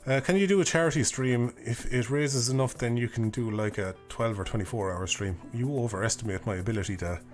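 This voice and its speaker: A man's voice: mid-range voice, fairly quick, hardly any pauses, faint music behind. A young Irish man chatting casually on a live stream, rambling, laughing and swearing offhandedly into a desk microphone.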